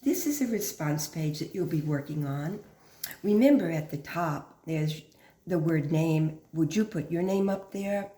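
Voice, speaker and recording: A woman teacher reading a picture book aloud to children with expressive, dramatic pauses, then patiently explaining the lesson. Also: deep voice, echoey room. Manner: gentle, patient classroom explaining.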